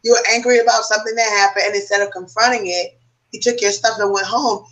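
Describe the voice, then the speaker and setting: A woman's voice: medium pitch, fairly even intonation, fast talker, fairly bright tone, far from the mic, rough recording. A woman co-hosting a casual round-table chat, talking reflectively and giving advice to the younger men at the table. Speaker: co-host.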